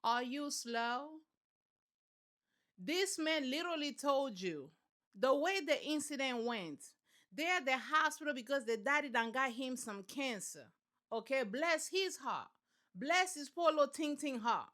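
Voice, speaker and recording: A woman hosting a commentary vlog, telling the story in a sassy, animated, colloquial way. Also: sits high, measured pace. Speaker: commentary channel host.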